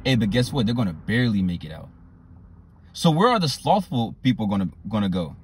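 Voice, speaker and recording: A man preaching a sermon, repeating "right?" and "you know" often and reading scripture slowly. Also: fairly low pitch, very animated, a little hiss or hum. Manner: slow drawn-out scripture reading.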